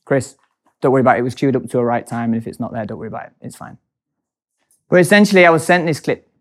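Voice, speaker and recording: Guy hosting a casual chat, mid pitch, animated, keeps laughing, talks fast in bursts.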